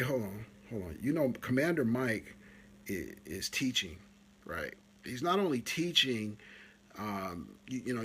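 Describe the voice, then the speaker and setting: A man hosting a live stream, coaching photographers in a casual, animated talk that climbs higher when he retells stories. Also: slight background noise.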